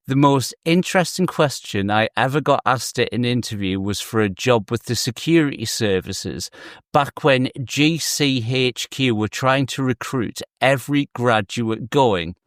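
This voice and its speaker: A giggly man co-hosting a chatty podcast, reading a listener email aloud. He keeps breaking into laughter and sounds giddy. The voice sits at an ordinary pitch and is recorded close and dry. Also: unhurried, fairly bright tone, dry recording. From England. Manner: giggly, laughs mid-sentence. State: sunstruck, giddy. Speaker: podcast co-host. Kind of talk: casual chat.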